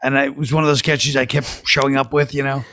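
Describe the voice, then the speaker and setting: A man's voice: medium pitch, flat delivery, fast, bright, forceful tone, no echo. A man from Brooklyn, a guest comedian telling rambling, dry stories in a casual podcast chat. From Brooklyn, New York. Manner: rambling storyteller, dry and wry.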